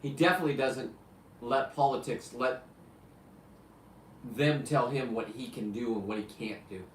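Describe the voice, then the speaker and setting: Here a fifties-aged man hosts a live stream, chatting bluntly, rambling, and swearing. His mid-range voice keeps a normal speed, and a little hiss or hum joins the roomy, faintly ambient sound from a far-off mic.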